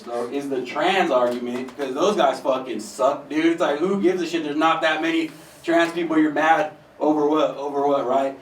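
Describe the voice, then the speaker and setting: A young man does open-mic stand-up on a small theater stage, loose and profane, tossing "dude" into nearly every line. His voice sits a bit high and is picked up from a distance. The room echoes, with a faint murmur of ambience behind him. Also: slight background noise. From United States. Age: 20s. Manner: profane, conversational, keeps saying "dude". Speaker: stand-up comedian.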